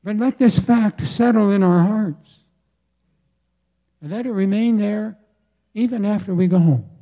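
Pastor, male, high yet deeply mellow voice, preaches slowly with weighty pauses. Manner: slow, deliberate, with emphatic pauses and repetition. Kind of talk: sermon.

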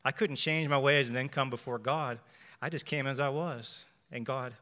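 A man in his forties gives an earnest personal faith testimony to a church, speaking in measured phrases and repeating lines for emphasis. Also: medium pitch, steady tone, pushed and bright, long reverb tail. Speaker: church member giving testimony.

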